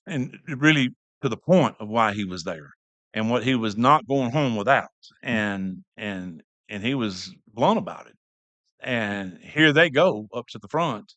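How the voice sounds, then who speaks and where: A man's voice: medium pitch, a bit bright, dry recording. An older man giving a personal church testimony, telling the story in a rambling way with many restarts.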